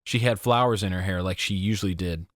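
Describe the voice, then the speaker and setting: A man narrating a teen fantasy audiobook in an even, measured way. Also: low voice, no room sound, clean studio sound. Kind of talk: scripted narration.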